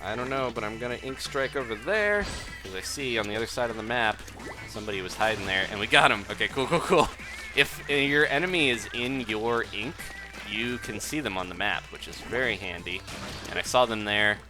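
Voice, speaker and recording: A young man streams a game live with easy, chatty commentary, often laughing and reading out the chat. His voice sits on the low side. Game music plays clearly behind him. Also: expressive, a little fast.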